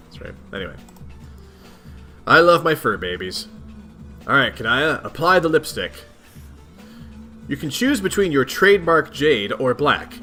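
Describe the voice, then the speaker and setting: Animated man reading a webcomic aloud. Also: medium pitch. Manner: chatty, playful asides to viewers. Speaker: webcomic reader.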